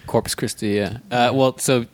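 A man's voice: medium pitch, steady tone, moderate pace. A man from South Africa co-hosting a band podcast in casual chat, with a wry, dry sense of humor. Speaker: podcast co-host, band member.

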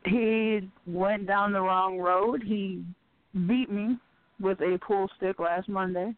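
A woman calling in to a talk show, telling her story haltingly while near tears. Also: medium pitch, fairly even intonation, dry recording. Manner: halting, shaken. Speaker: guest caller. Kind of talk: personal account on a call-in show. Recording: tinny dry phone line.

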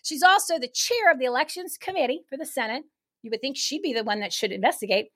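A woman guest on a talk show speaking in a fired-up, emphatic, rapid way. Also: high voice, very animated. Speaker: guest activist. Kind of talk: casual talk-show chat.

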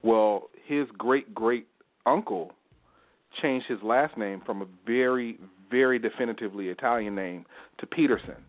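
A man co-hosting a casual panel talk show, telling anecdotes in a lively storytelling way. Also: mid-range voice, measured pace. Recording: tinny phone-like line.

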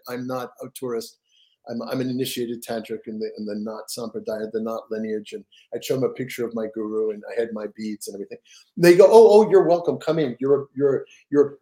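A man's voice: mid-range voice, warm tone. An older man, a guest author, telling stories in a rambling, casual way with repeated words and laughs. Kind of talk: casual storytelling.

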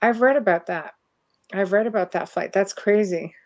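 A middle-aged woman with a Canadian accent, chatting away over a video call. She talks at an easy, ordinary pitch and breaks into laughter often as she tells her story. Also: moderate pace. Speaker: host. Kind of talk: casual chat on a video call.

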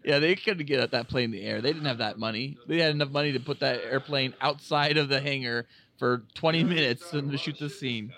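A man co-hosting a podcast, chatting casually and excitably while watching a movie, rambling and swearing freely. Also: mid-range voice, a little fast, gravelly, hardly any pauses. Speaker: podcast co-host. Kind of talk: casual chat over a movie.

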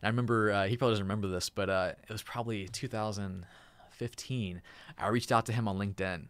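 A man hosting his own live stream, chatting casually and excitedly, often laughing. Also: fairly low pitch, quick pace, no room sound. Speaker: YouTube live streamer and host.

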